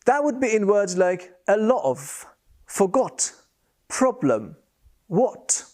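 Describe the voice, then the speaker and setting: A man's voice: high voice, very animated, takes it slowly, a little mellow. A man teaching British English pronunciation, speaking carefully and repeating example words to demonstrate sounds. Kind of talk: scripted lesson to camera.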